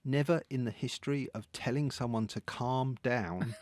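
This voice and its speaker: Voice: mid-range voice, normal speed, no echo. A podcast co-host in a casual chat, blunt and jokey. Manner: jokey, blunt, lively delivery.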